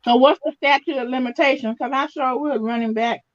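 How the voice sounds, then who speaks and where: A woman chatting casually as a co-host, asking animated, incredulous questions. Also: high voice, a little fast, muffled recording. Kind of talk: casual chat.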